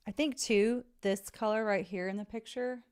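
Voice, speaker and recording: A woman's voice: medium pitch, steady tone, moderate pace, darkish tone. A middle-aged woman vlogging as she works on a journal page, chatting in a rambling, friendly way and talking to her viewers. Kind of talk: casual chat while crafting.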